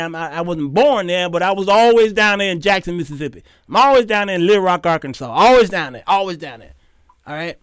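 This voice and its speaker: A man's voice: sits high, a bit bright, clear, resonant tone, no room sound, studio quality. A man hosting his show, delivering a heated, preachy commentary rant that scolds his listeners and repeats phrases for emphasis. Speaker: host.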